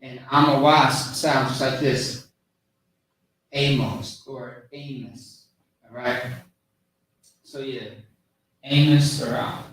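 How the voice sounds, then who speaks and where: Man teaching scripture, slow and unhurried, checks in often; recorded far from the mic in a very reverberant room. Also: mid-range voice, fairly bright tone. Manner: repeats points, checks in with "okay?". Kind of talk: casual scripture lesson.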